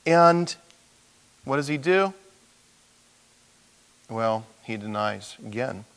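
A man's voice: fairly low pitch, takes it slowly, creaky. A middle-aged man preaching a sermon to his congregation, acting out the characters as he tells the story. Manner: animated, acts out the voices of the characters in the story. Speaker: pastor.

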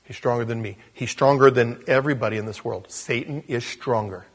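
A man, a pastor, telling a story during a casual, animated sermon in a church. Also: medium pitch, fairly quick, slightly rough.

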